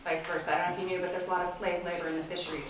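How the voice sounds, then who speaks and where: A woman's voice: fairly low pitch, level tone, rapid-fire. A woman emceeing a benefit, explaining points earnestly and then introducing speakers. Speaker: event emcee leading Q and A. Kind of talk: public talk and emceeing. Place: large echoey event room. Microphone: distant room mic. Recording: echoey room, distant mic, background noise.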